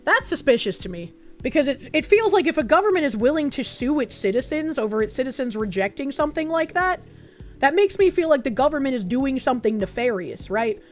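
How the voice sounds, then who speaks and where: A woman streamer chatting casually with her viewers, swearing freely and thinking out loud as she reads their messages. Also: high-pitched, very animated, brisk, faint music behind. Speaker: live streamer reading chat.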